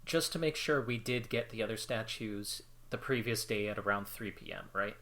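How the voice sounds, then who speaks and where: A man's voice: lowish voice, moderate pace, a bit bright. A man playing a tabletop game, easygoing and thinking his plans out aloud. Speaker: player. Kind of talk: casual tabletop play.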